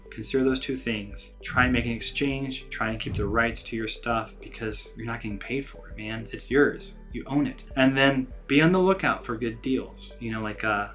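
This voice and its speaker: A man's voice: medium pitch, a bit bright. A man in his forties hosting a vlog, giving earnest, emphatic career advice to camera and sometimes correcting himself mid-sentence. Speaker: vlog host, composer. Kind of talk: casual advice talk to camera.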